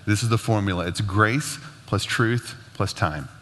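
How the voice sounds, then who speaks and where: A man teaching about marriage in a relaxed, conversational way, laughing now and then. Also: lowish voice, measured pace. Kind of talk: casual teaching talk. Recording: long hall reverb.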